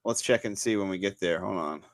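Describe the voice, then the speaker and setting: A man's voice: low voice, brisk, no echo, clean studio sound. A man co-hosting a podcast in casual chat, rambling with lots of fillers and restarts, laughing easily. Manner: rambling, filler-heavy, self-interrupting. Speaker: podcast co-host.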